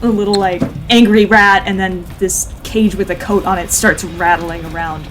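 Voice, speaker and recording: A woman's voice: medium pitch, fairly even intonation, moderate pace, fairly bright tone, shouting, faint music behind. A woman narrating a tabletop role-playing game as game master, often laughing as she describes the scene.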